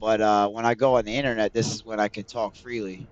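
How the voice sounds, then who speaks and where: Speaking fast in a fairly low, flat voice over lo-fi audio, a man streams a video game and talks straight to his chat. His casual livestream banter rambles and is full of profanity.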